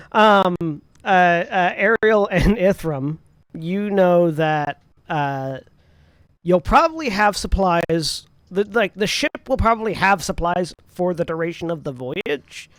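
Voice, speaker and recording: A man guides his players through a tabletop game in an easygoing, rambling voice. His voice sits a little high. The recording is close and dry. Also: expressive, slow pace, fairly bright tone, dry recording. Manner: laid-back, hesitant with fillers. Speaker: game master.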